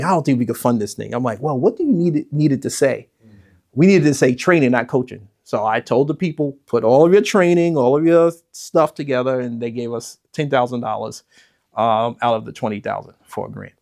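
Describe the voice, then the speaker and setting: Animated man giving a business workshop. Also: mid-range voice. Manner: animated storytelling, acts out quoted exchanges. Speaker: business strategy coach. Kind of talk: workshop presentation. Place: event room with a live audience.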